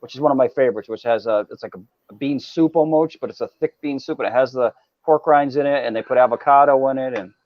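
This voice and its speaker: A man's voice: mid-range voice, fast, no echo. A man chats easily as a guest, circling back and restarting his sentences as he tells his stories. The sound is dry and close, with a slightly dull, lo-fi band. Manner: chatty storyteller with many restarts. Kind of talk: casual chat.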